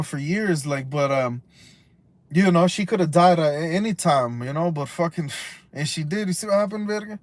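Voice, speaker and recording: A man ranting on a livestream, rambling and cursing, dropping Spanish slang, swinging from loud outbursts to low mutters. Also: no echo. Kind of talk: casual rambling livestream rant.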